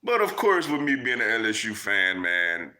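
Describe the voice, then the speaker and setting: A man's voice: fairly low pitch, sing-song, moderate pace, bright, forceful tone. Laid-back man hosting a live chat. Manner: loose and conversational, many fillers like "man" and "yo". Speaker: livestream host answering chat.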